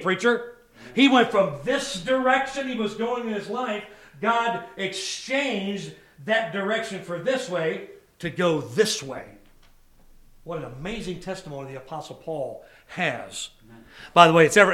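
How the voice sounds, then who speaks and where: A man preaching a sermon to a church congregation, telling personal stories with lively call-outs to the listeners. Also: high voice. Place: church service before a congregation.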